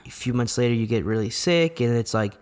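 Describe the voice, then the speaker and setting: A man's voice: mid-range voice, fairly quick, a little mellow. A young man co-hosting a podcast, chatting casually in a rambling way with lots of fillers. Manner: rambling, full of fillers like "you know what I mean". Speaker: podcast co-host. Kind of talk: casual chat.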